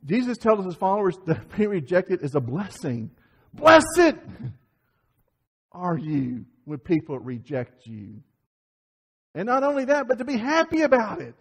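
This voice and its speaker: A man preaching a Sunday sermon, telling stories in a lively way, acting out quoted voices and often restarting his sentences. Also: high voice, normal speed, husky. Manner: animated storytelling, acts out quoted voices, many restarts. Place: church sanctuary. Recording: church sermon audio with long reverb.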